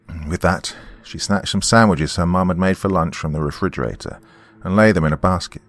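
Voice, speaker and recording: A man narrating a horror story in a measured, scripted storytelling manner. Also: sits low. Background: faint music.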